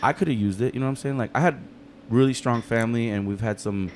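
A man talking casually on a podcast, telling stories in a fast, animated, profane way. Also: mid-range voice, slight background noise. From United States.

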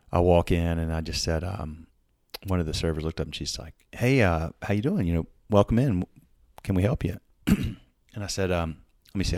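Low-voiced man telling a story. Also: vocal fry, darkish tone, no echo, studio quality. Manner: conversational, many fillers and restarts, acts out quoted dialogue. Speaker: podcast host telling a story. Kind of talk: casual storytelling.

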